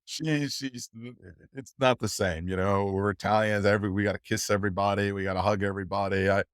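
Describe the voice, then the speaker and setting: A man's voice: fairly low pitch, fairly even intonation, a little fast, no room sound, studio quality. An older man, a guest in an interview, talking emotionally and at length with frequent laughter and restarts. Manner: emotional, rambling, laughs often. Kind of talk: conversational interview.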